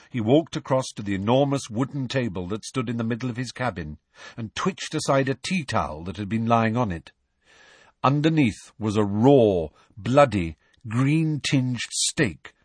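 A man narrating a story with expressive storytelling. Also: mid-range voice, breathy edge, no echo. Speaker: audiobook narrator. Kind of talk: scripted narration.

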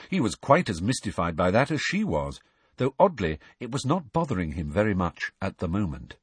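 Brief: male narrator, low husky voice, lively storytelling, dry close recording. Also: no echo. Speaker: audiobook narrator. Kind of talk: scripted narration.

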